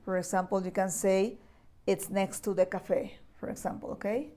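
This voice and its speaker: A warm, mid-range female voice with fairly even intonation teaches English grammar to young children at normal speed in a recorded class. She is patient, repeats key words, and checks in frequently, with slight background noise present.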